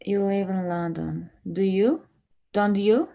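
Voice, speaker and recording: Woman, student, slow pace, hesitant, tries out answers. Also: mid-range voice, vocal fry, dull audio. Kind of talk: language lesson practice.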